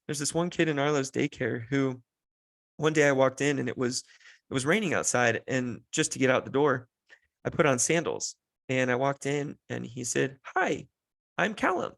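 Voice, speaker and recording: A worn-out man in his thirties hosts his own podcast, venting about parenting with dry sarcasm. His voice has a gravelly edge, recorded close and dry with no room sound. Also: medium pitch, fairly even intonation, moderate pace, dry recording. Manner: exasperated, sarcastic storytelling. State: tired, run down. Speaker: podcast host and father. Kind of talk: solo podcast monologue.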